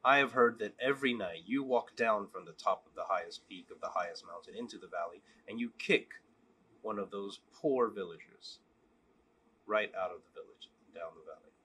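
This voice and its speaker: A man's voice: fairly low pitch, normal speed, pushed and bright, slight background noise. A man doing an indignant rabbi. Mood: demanding. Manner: formal, insistent demands. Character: indignant male rabbi demanding answers.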